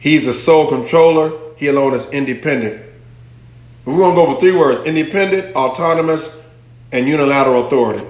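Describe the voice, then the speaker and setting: A man's voice: fairly high pitch, a little fast. A man preaching a teaching sermon, repeating key phrases emphatically and drawing answers from the congregation. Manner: repetitive, emphatic teaching with call-and-response. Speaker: pastor. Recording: very echoey hall.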